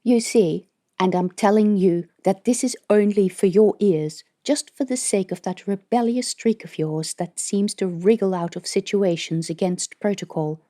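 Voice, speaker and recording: A woman voicing a stern, secretive female military colonel in an audiobook, speaking in a measured, grave way. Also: medium pitch, dark tone, natural voice.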